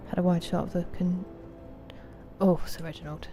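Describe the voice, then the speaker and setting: A British woman chatting casually on a live game stream, thanking viewers and sometimes dropping into a soft whisper. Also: lowish voice, flat delivery, moderate pace, pauses often, faint music behind. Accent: British English.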